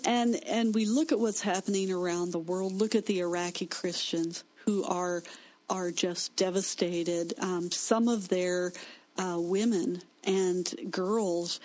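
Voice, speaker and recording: A woman's voice: lowish voice, steady tone, slow, a little mellow, low-quality recording. A woman in a Christian discussion who teaches from scripture with emphatic stress.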